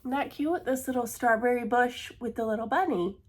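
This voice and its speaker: A woman's voice: fairly high pitch, fairly quick. A woman chatting casually in a cross-stitch vlog, laughing at herself, apologizing often, and dropping to a near-whisper when she fumbles. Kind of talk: casual chat.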